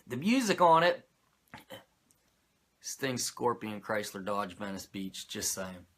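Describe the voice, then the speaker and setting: A man's voice: lowish voice, sing-song, slow, a bit bright. A man hosting a podcast, recapping wrestling in a rambling, crude, jokey way. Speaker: podcast host reviewing wrestling. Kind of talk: casual profane recap.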